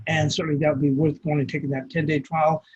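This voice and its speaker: A man talks through the day's market moves on a webinar, rambling loosely and restarting his sentences. His voice sits a little high for a man and has a husky edge. The sound is dull and lo-fi, like a webinar stream. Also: level tone, fast talker. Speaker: market analyst hosting a webinar. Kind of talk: casual market commentary over screen share.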